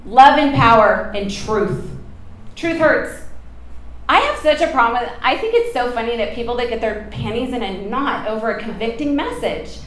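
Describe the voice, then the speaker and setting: A woman preacher giving an informal, emphatic sermon, animated and often laughing. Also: fairly high pitch, moderate pace, echoey room.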